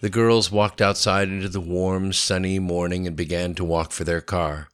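Deep-voiced male story narrator. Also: fairly even intonation, moderate pace, clean tone.

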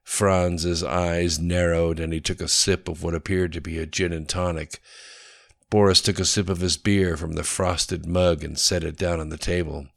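Deep-voiced man narrating an audiobook. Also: level tone, normal speed, creaky, fairly bright tone.

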